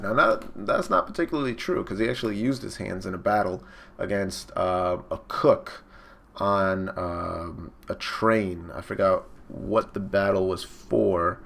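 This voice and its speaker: A man's voice: deep voice, unhurried, gravelly, a bit bright. A man giving casual live reaction commentary, rambling with many fillers. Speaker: reaction streamer.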